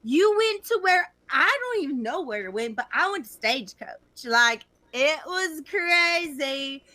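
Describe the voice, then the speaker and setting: A high, bright voice plays a ditzy suburban would-be cowgirl , as a woman acts her out. She rambles, stuffing her talk with "like," over a video call mic. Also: animated, measured pace, heavily acted. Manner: rambling, valley-girl "like" talk. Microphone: computer mic on a video call.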